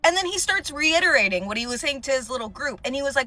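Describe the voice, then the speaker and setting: High bright-voiced woman doing a sarcastic storytime, a bit of music under her. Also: fast talker, dry recording. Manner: sarcastic, animated. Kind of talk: storytime video.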